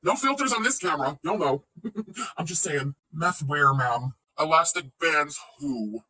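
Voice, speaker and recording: Brief: woman in her thirties, reaction streamer, sarcastic and swearing, animated pitch, mic set back a bit. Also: a little slow, husky, distant mic, poor audio. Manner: sarcastic, swearing, laughs often. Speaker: livestream host reacting to another streamer. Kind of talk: casual commentary livestream.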